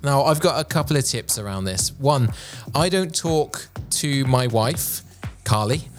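A man hosting a podcast on presenting, speaking with an energetic, projected voice and careful, clear enunciation into a studio microphone. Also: medium pitch, unhurried, faint music behind. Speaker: podcast host.

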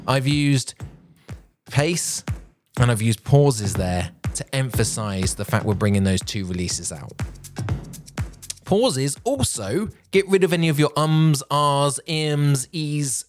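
A young man hosting a podcast on public speaking, talking in an expressive, emphatic way that deliberately varies his pitch and pace. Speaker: podcast host.

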